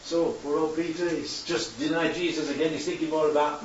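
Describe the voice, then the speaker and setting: Preaching a conversational sermon with slides, this man keeps tossing tag questions at his congregation. His voice sits on the high side, and he talks a little fast with few pauses. A distant, dull mic picks him up in an echoey hall.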